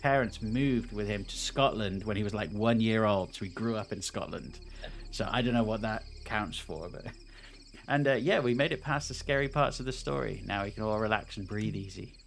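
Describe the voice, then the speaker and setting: A man's voice: fairly low pitch, moderate pace, gravelly, a little hiss or hum. A man, a game developer, chatting casually on a stream and reading a game's story aloud with playful asides. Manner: rambling with fillers, playful asides. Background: game music.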